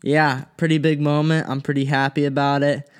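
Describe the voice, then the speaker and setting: A young man talks into a podcast mic in a loose, profane rant, his voice sitting a little high. He is blunt and heated, with swearing all through. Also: little pitch movement, moderate pace, smooth. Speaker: podcast host. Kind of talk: casual solo podcast rant. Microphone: studio podcast mic.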